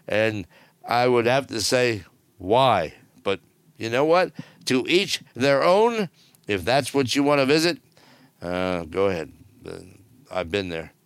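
Middle-aged guy riffing on cruise news, wry and sarcastic, gravelly voice, dry sound. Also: mid-range voice, big pitch swings, takes it slowly, no room sound. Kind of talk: casual news commentary. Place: on board a cruise ship.

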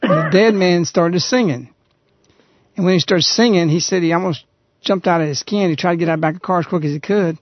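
Guy on a radio show telling a story, kinda high voice, dry dull lo-fi sound. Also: no echo. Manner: earnest, halting retelling of a story.

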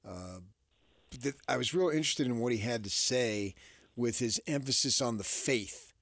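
A man's voice: mid-range voice, normal speed, a bit bright, no echo. A male sports radio co-host who rambles and trails off with fillers, speaking close to a studio mic.

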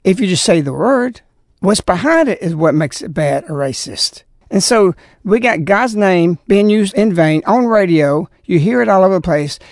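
A man's voice: high-pitched, creaky, no room sound, studio quality. Indignant moralizing man on talk radio. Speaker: radio show guest. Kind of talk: opinionated talk radio conversation.

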